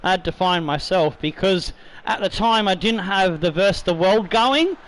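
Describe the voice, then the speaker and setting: A man's voice: sits high, expressive, normal speed, a bit bright, a little hiss or hum, poor audio. A man hosting a football video game let's-play in a chatty, rambling way, a bit tipsy with slightly slurred words and casual swearing. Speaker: gaming YouTuber host.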